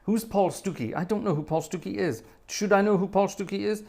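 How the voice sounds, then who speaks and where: A man's voice: high voice, a little fast, creaky, hardly any pauses, mellow. A man in his fifties hosting a live stream as an organist, chatting casually and reading out viewer messages with wry, rambling asides. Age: 50s. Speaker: livestream host and organist.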